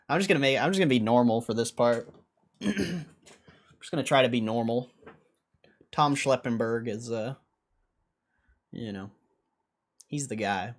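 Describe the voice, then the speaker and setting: A young man rambles through a casual livestream, joking and laughing to himself as he sets things up. His voice sits in an ordinary middle pitch, loose and unpolished. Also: unhurried, long pauses. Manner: joking, rambling self-talk with frequent laughs. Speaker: streamer.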